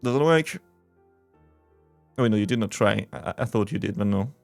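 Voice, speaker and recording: A man's voice: on the low side, expressive, normal speed, gravelly, no room sound, faint music behind. A man streaming a game, chatting casually and crudely with a joking, laughing manner, close to a desk mic.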